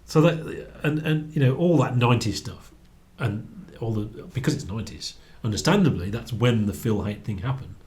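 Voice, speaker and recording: This is a man in casual conversation about a book. He laughs easily and restarts his sentences with repeated words. His voice sits at a middle pitch. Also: animated, moderate pace, hardly any pauses, darkish tone. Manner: chatty, laughs often, repeats words while thinking. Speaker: book review co-host. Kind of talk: casual chat.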